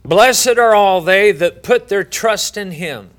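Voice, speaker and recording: A middle-aged male pastor preaching a sermon, telling a folksy story with many halting fillers. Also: sits high, expressive, a bit bright.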